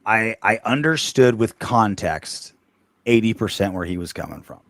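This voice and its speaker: A man's voice: fairly low pitch, vocal fry, no room sound. A man co-hosting a sports podcast in casual chat, swearing and restarting his sentences a lot. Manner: animated, swearing, rapid restarts. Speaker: podcast co-host.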